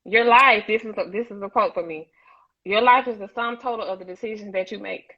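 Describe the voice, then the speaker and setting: A woman's voice: medium pitch, a little fast, lo-fi sound. A woman on a talk show panel, speaking emphatically and preachily and repeating words as she builds each point. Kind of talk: impassioned discussion.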